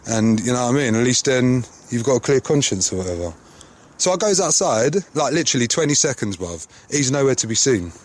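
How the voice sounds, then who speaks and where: A man's voice: medium pitch, lively intonation, fairly quick. A man telling a casual anecdote, full of slang and swearing. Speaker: storyteller.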